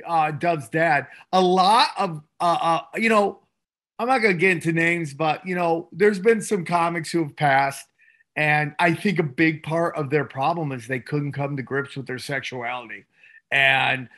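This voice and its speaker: A man co-hosting a comedy podcast in casual chat, excitable with loud laughing bursts. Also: fairly high pitch, measured pace. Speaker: podcast co-host.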